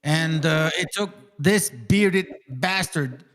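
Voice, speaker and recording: A man's voice: fairly high pitch, slow pace, a bit bright. A man hosting a casual reaction commentary, ranting heatedly and swearing constantly. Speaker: stream host.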